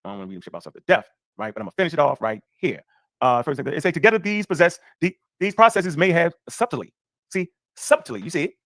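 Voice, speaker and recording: Guy reading an article out loud super fast, animated, riffing between lines. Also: on the high side, creaky, no room sound, studio quality. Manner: rapid, animated, reads aloud and riffs. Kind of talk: reading an article aloud with commentary.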